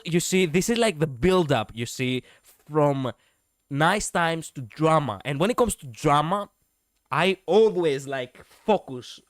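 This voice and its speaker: Rambling, swearing streamer with a smooth voice. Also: male voice, fairly high pitch, dry recording, clean studio sound. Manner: rambling, many fillers, swears freely. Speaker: streamer reviewing lore videos. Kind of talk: casual reaction commentary.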